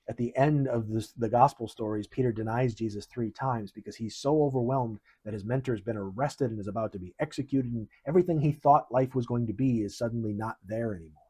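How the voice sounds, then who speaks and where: A man's voice: mid-range voice, slightly rough. A male pastor giving a sermon in an earnest, conversational way, pressing hard on key words. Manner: earnest, conversational preaching with animated emphasis.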